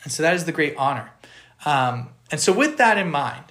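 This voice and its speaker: Earnest man teaching, fairly high voice. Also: sing-song, moderate pace, a bit bright. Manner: earnest, explanatory, stops to ask listeners questions. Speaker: podcast Bible teacher. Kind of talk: conversational Bible teaching. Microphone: podcast microphone.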